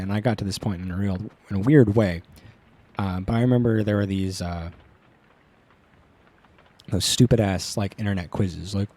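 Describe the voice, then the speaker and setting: A man's voice: fairly low pitch, mellow. A man streaming a story game, rambling casually with crude jokes and lots of fillers. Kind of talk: casual let's-play commentary.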